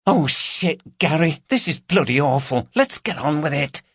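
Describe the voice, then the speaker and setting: Brief: male narrator putting on a shrill, anxious woman, high and husky, storybook audiobook. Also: sing-song, a little slow, fairly bright tone, no echo, clean studio sound, full character voice. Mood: anxious, scolding. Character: nervous, sharp-tongued woman burglar.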